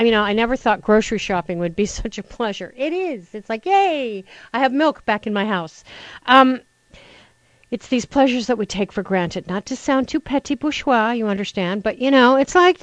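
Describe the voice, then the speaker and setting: A middle-aged woman talk radio host with a fairly high voice, ranting with wry sarcasm into a studio microphone. Her sound is close and dry. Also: dry recording, muffled recording. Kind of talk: opinionated talk radio rant.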